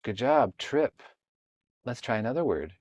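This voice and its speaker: A male tutor with a somewhat low voice walks through a reading lesson. He talks patiently and breaks words into their sounds before blending them together, as if a child were following along on screen. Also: darkish tone, dry recording. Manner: slow, patient, sounding out word parts. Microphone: computer mic, online session.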